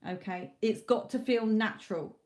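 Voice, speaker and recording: A woman's voice: medium pitch, normal speed, darkish tone. Blunt British woman giving psychic advice. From Britain. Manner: blunt and motherly, repeats "okay?". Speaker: psychic tarot reader. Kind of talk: live-stream reading, direct advice.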